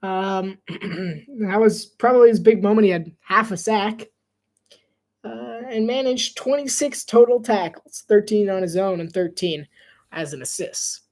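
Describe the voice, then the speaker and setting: Solo live football caller, male, light high voice, chatty and jokey, laughs a lot. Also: measured pace, a little mellow. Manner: chatty, laughs often, self-deprecating asides. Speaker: solo sports commentator. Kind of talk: casual live play-by-play commentary.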